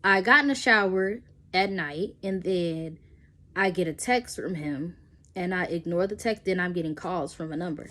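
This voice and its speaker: A young woman, telling a personal story in a casual storytime and acting out the voices with sudden jumps in pitch. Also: moderate pace. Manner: animated, acts out quotes with pitch jumps.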